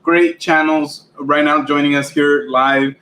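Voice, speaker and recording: A man's voice: fairly high pitch, level tone, a little slow, bright, forceful tone. A man co-hosting a casual livestream, cheerfully greeting chat viewers by name. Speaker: livestream co-host. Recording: echoey room with faint background noise.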